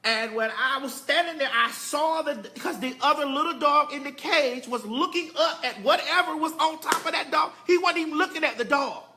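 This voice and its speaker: A woman vlogger telling a story at home in a casual, emphatic and animated way. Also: high voice, normal speed, few pauses, a little hiss or hum. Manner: emphatic and animated, often addressing viewers as "girl". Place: home, indoors.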